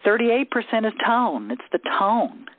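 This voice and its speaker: A very animated woman with a fairly high voice coaches a group on communication over a call, speaking at a measured pace. She's from the southern US, keeps things easygoing, and checks in with "okay?", heard via a tinny phone line with no room sound.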